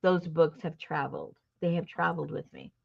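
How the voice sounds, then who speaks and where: Deep, gravelly and husky at a normal speed, this middle-aged host chats with her audience, animatedly retelling a story and laughing a lot. The recording has a dull, lo-fi quality.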